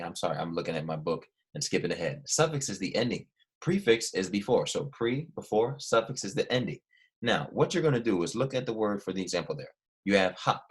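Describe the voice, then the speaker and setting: A man teaching a recorded language lesson, explaining patiently step by step and asking his students questions. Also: deep voice. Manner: slow, careful dictation with each word repeated.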